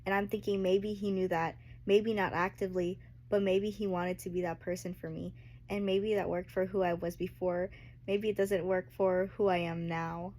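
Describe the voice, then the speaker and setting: A woman reading aloud the lines of a weary young heroine in a quiet, subdued voice. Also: fairly low pitch, level tone, normal speed, natural voice.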